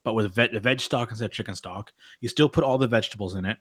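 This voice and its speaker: A man's voice: on the low side, fast talker, a bit bright, husky. A young man, chatting casually on a podcast, blunt and swearing freely while he reads out bits from articles. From Australia. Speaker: podcast host. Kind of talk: casual chat.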